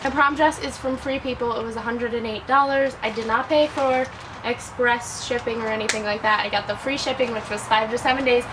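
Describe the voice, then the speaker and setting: A teenage girl vlogging in a casual, excitable way, chatting to the camera with lots of fillers. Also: on the high side, fairly quick. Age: teens. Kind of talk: casual vlog. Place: car, phone held while driving. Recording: distant phone mic with background noise.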